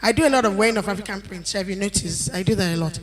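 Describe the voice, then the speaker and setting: A woman's voice: medium pitch, very fast. Earnest woman giving advice. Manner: earnest, advising, repeats key points. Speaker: panelist. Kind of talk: conference panel talk. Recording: event hall with crowd noise.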